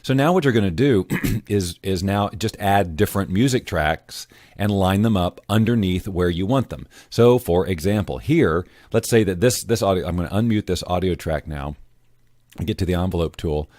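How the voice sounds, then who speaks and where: A man walking viewers through an audio editing tutorial in a casual, self-correcting way, often clearing his throat. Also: deep voice, moderate pace, darkish tone, no echo, studio quality. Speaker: voiceover tutorial host. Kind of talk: screen-recorded software tutorial.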